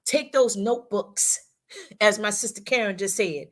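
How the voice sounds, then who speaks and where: A woman's voice: mid-range voice, normal speed, fairly bright tone. A woman co-hosting a women's talk show, giving a preacherly motivational talk with speech, repeating her lines and acting out how people talk.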